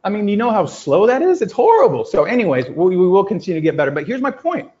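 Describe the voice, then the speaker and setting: A man giving an energetic, emphatic motivational talk to a group, telling stories and acting out quotes. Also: high voice, fast talker. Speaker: business coach. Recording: lo-fi muffled audio.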